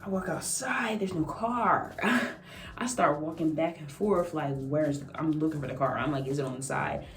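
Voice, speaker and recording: A woman's voice: low voice, normal speed, faint music behind. A young woman vlogger telling a casual story, acting out quotes and laughing often. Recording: echoey room, mic at a distance.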